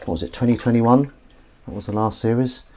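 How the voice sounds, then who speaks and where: While cleaning up at the sink, a streamer talks casually, rambling and reading out what viewers comment, with dishes and cutlery clattering nearby. His mid-range voice has a darkish, steady tone and a slightly fast pace, plus slight background noise.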